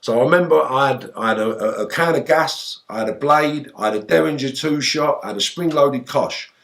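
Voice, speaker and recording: A man, a guest in an interview, telling a story in lively, swearing style and acting out the lines he quotes. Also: medium pitch, fairly quick. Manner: animated, swearing, acts out shouted quotes.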